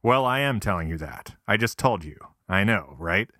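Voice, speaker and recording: A man reads a scripted comic essay in a wry, self-deprecating way, full of mock-earnest asides. His voice sits a little low but has a bright, forceful edge. The recording is close and dry. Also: expressive, normal speed, no echo. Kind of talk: scripted comedic narration.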